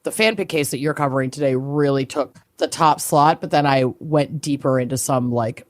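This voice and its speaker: A woman's voice: sits low, a little mellow, no room sound, clean studio sound. A woman co-hosting a casual podcast, chatting loosely with lots of fillers and the odd swear word. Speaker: podcast co-host. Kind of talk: casual chat.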